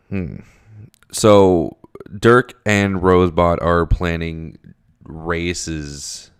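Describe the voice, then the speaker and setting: A man casually reading a webcomic aloud and commenting on it. He swears freely, rambles, and sounds tired in the early morning. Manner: profane, rambling, jumps high when surprised. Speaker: webcomic reader.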